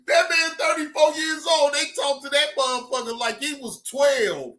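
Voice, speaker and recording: A man hosting a reaction channel, excitable and profane, laughing often as he comments. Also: extremely high pitch, normal speed, hardly any pauses, reverberant.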